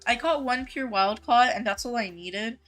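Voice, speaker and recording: Bright-voiced woman streamer chatting casually. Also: fairly high pitch, normal speed, faint music behind. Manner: chatty, filler-heavy with frequent 'like' and 'um', easy laughs. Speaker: game streamer. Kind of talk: casual live-stream chat reading chat messages.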